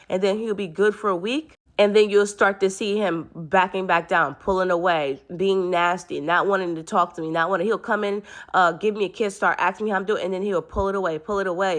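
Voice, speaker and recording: A woman's voice: medium pitch, fairly bright tone. A woman telling a personal story to camera in an earnest, rambling way, often restarting her sentences. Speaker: vlogger.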